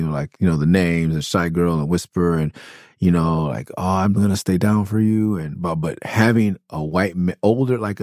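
Casting: deep, warm-toned man in his forties, easygoing podcast host spinning rambling stories into a dry close mic. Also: dry recording. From Los Angeles. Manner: loose, enthusiastic, rambling with many "like"s. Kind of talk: casual storytelling about his album.

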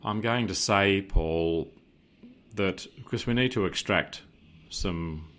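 A very deep-voiced man co-hosting a casual podcast. He speaks in a measured, dry, slightly teasing way. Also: a bit bright. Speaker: podcast co-host.

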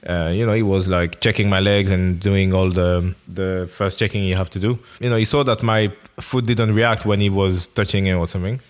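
This French former footballer has a deep voice with fairly even intonation, talking at a moderate pace with hardly any pauses. As a guest in a relaxed interview, he still fumbles for words and keeps restarting his answers.

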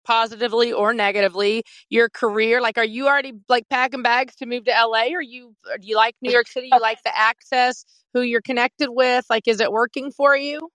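A woman hosting a panel over a video call, upbeat and quick to laugh. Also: a little high, steady tone, a bit bright, dry recording. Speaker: panel host.

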